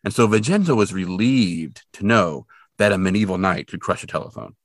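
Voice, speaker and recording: In a brisk, low-pitched voice, a podcast co-host casually recaps an episode, animated and full of fillers. He briefly acts out quoted characters, and the studio-quality recording is dry.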